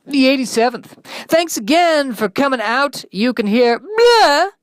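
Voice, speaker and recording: A man doing a shrill, loud radio DJ voice, all announcer pep. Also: sing-song, a little slow, dry recording, heavily acted. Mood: peppy. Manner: loud, peppy announcer delivery. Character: hyper upbeat male radio DJ. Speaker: radio interviewer.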